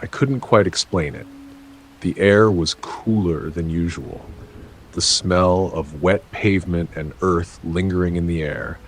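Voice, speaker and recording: A man reads a first-person scary story in a very deep, low voice. He takes it slowly and dramatically, breaking lines into short, halting phrases. A faint hiss sits under the recording. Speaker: narrator.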